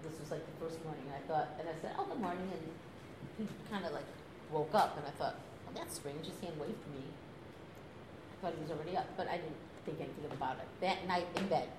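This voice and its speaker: An older woman telling a story in a relaxed, animated way, laughing now and then and acting out quoted lines. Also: low-pitched, brisk. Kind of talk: casual anecdote telling. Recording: echoey room with noise.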